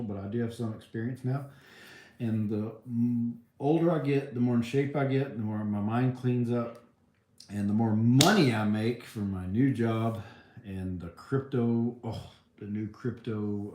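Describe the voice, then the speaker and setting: In an echoey room, a man with a lowish, darkish voice hosts a livestream. He reads out viewer comments and responds in a wry, rambling way, full of ums and restarts.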